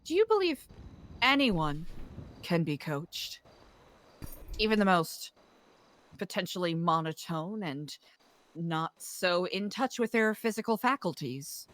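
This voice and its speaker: A woman playing an interviewer in a game role-play, asking formal, measured questions. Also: on the low side, very animated, fairly bright tone.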